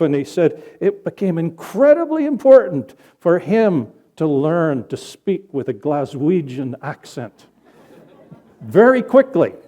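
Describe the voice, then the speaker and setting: A male pastor giving a sermon in a church, telling a story in a conversational way with pauses. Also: a little high, mellow. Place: church sanctuary.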